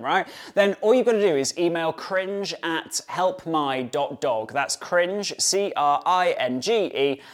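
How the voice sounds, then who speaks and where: A man hosting a solo dog-training podcast, talking in a chatty way with many fillers and tag questions. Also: a little high. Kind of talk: casual solo podcast talk.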